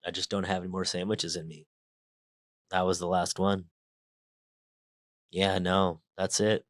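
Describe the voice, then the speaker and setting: A man's voice: deep voice, level tone, a little slow, no room sound, studio quality, pitched below the performer's own voice. A man putting on the voice of a resigned older songwriter, drawling and mumbly. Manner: drawling, calls people man.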